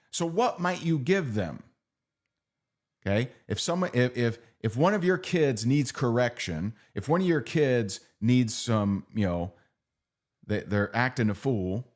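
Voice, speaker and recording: A middle-aged man with a lowish voice gives a motivational training talk. His style is conversational; he repeats phrases and keeps asking the audience "right?"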